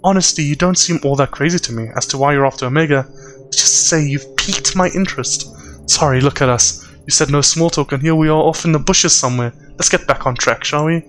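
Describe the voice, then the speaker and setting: A man's voice: fairly high pitch, a little fast, a bit bright, faint music behind, natural voice. A man putting on a cold Russian-accented crime boss woman. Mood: cool menace. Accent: put-on Russian accent. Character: cold female yakuza boss, composed and menacing.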